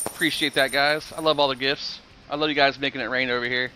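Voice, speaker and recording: A man's voice: mid-range voice, steady tone, quick pace, sharp tone, slight background noise, rough recording. A man streaming a game live, chatting casually with viewers, explaining prices and thanking them for gifts.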